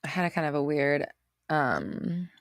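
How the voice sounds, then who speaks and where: A woman's voice: low voice, expressive, a little slow, no room sound, clean studio sound. A woman hosting a casual livestream, greeting viewers by name and reading out their comments in a chatty way. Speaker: livestream host.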